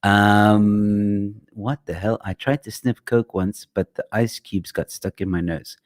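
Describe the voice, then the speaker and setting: A man's voice: lowish voice, little pitch movement, slow. A young man hosting a casual livestream chat, jokey and rambling as he plugs his channel, on a good microphone. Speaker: livestream host. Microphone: good quality microphone.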